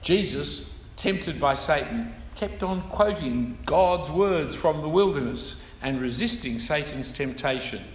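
A man preaching a sermon, explaining scripture with emphatic stresses and asides. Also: on the high side. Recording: echoey hall with room ambience.

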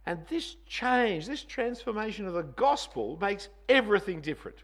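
A man's voice: high-pitched, very animated, moderate pace, few pauses. A male preacher giving a sermon, conversational with teasing asides, hitting single words hard for emphasis.

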